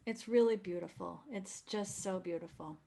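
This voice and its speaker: A woman's voice: medium pitch, moderate pace, gravelly, heavy background noise. A woman presenting opera program notes in an effusive, enthusiastic manner.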